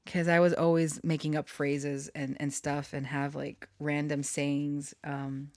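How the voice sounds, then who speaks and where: A channeler and storyteller rambles through a personal story in a casual monologue, giggling a lot and restarting sentences amid plenty of fillers, sounding self-conscious and embarrassed. Her voice sits low with little pitch movement, unhurried and slightly mellow. The recording is dry and studio quality.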